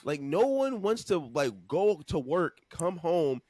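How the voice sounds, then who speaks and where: A man's voice: fairly high pitch, slow pace, background noise. A man co-hosting a podcast, talking in casual slang and acting out hypothetical exchanges. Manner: animated slangy talk, acts out hypotheticals. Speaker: podcast co-host.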